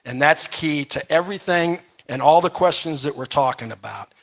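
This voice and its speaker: A man's voice: fairly high pitch, animated, moderate pace. A man speaking as a candidate at a live debate, insistent and repeating his main point. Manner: insistent, repetitive. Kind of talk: campaign debate answer.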